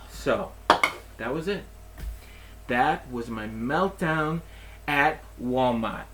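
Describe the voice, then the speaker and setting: A man hosting his own show, telling a comic story in an animated, exasperated way and acting out the people in it. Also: medium pitch, drawn-out words, heavy background noise. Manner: animated, exasperated retelling with acted-out quotes. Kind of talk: comedic storytelling monologue.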